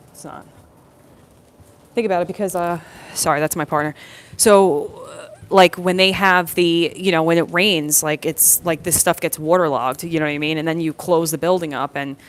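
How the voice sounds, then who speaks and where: A woman's voice: low voice, steady tone, moderate pace, long pauses. A young woman, a plumbing apprentice, chatting casually to her phone on a work break, rambling through a story with lots of fillers and restarts. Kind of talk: casual live-stream storytelling.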